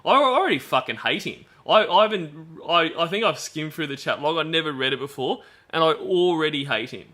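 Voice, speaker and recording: A man's voice: fairly high pitch, lively intonation, a little fast, hardly any pauses, sharp tone. A man giving blunt, profane commentary on a stream, reading out and reacting to chat logs. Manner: blunt, swearing, disgusted.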